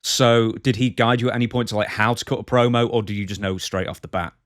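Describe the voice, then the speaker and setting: A man asking an interview guest relaxed, curious questions. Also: on the low side, fast, no room sound, studio quality.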